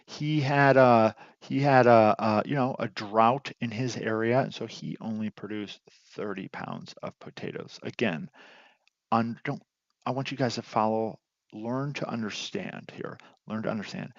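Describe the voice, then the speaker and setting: A man's voice: mid-range voice, a little slow, dry recording, highs cut off. A man teaching an informal lesson, telling a story and acting out its characters, with many fillers and restarts. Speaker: real estate investing teacher.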